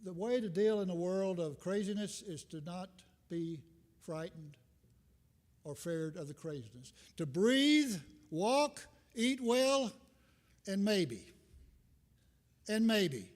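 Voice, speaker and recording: A man's voice: high-pitched, lively intonation, takes it slowly, a little mellow. Older man preaching in an echoing church. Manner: rambling, folksy, self-deprecating humor. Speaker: visiting minister. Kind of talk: informal sermon. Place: church sanctuary. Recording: long reverb from a church hall.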